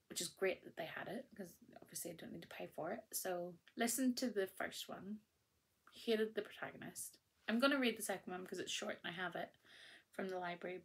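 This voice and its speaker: A woman hosting her own podcast, chatting casually and enthusiastically about the books she has been reading, with lots of ums and restarts along the way. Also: medium pitch. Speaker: podcast host.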